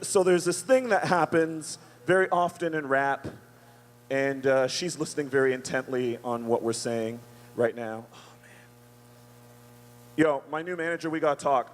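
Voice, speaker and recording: A man's voice: a little high, big-room sound. A man performing comedy rap at a live show and chatting between songs in a casual, mumbling way. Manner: rhythmic rapping, casual mumbling asides. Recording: live show with loud music. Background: loud music.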